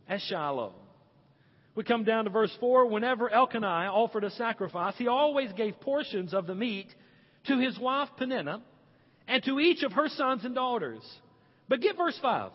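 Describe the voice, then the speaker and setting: A man preaching a sermon as pastor, animated and emphatic, slowing down to stress key words. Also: very high-pitched, husky. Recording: dull sound, long hall reverb.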